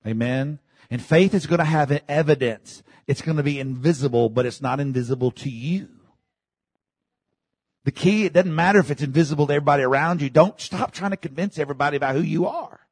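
A man preaching a sermon, dropping to low murmurs and rising to shouted peaks, leading the congregation in call and response. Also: animated, brisk, breathy edge, no echo. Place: church.

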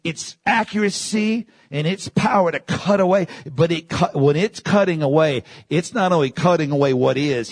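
Male preacher, gravelly husky voice, repeats phrases, swings from shouts to low quiet passages. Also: no room sound. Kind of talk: sermon.

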